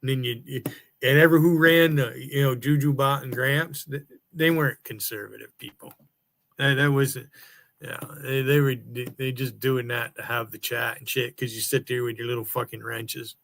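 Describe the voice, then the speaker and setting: An angry man rants into his stream, cursing and taunting rivals to come on and face him. His voice sits in a middle pitch, and he talks with a constant profane edge. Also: fairly even intonation, moderate pace, vocal fry, fairly bright tone. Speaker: live streamer. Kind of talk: profane livestream rant.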